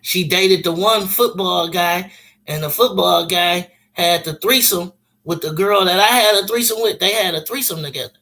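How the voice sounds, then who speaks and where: A man's voice: sits high, moderate pace, bright, forceful tone. A man telling a personal story casually, in blunt, profane street slang.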